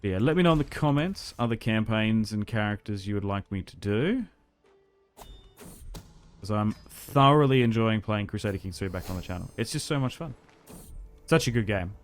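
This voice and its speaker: A man giving casual, upbeat commentary on a strategy game he is playing, chatty and quick to laugh. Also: on the low side. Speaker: gaming YouTuber.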